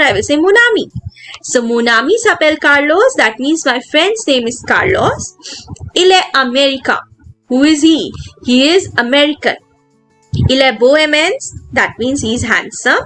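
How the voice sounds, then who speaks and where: A woman, patiently explaining a textbook lesson as a French teacher and slowing down to pronounce each word. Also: high-pitched, pushed and bright, poor audio. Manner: patient, slows down to pronounce words.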